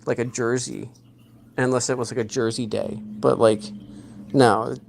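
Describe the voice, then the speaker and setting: A man chatting on a podcast, with a rough, gravelly grain to his voice. He rambles through his stories, restarting sentences and circling back as he goes. It is easygoing, unscripted talk. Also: medium pitch, fairly even intonation, darkish tone, slight background noise. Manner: rambling, halting, with many restarts. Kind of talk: casual chat.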